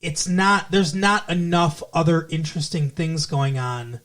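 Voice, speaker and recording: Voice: medium pitch, fairly even intonation, measured pace, fairly bright tone. A podcast co-host recapping a TV episode in casual chat, rambling through restarts with dry asides.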